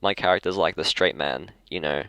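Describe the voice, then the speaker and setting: Low-voiced Australian young man rambling. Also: fairly quick, bright, forceful tone, dry recording. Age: young adult. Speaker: podcast host. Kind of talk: casual chat. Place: school library.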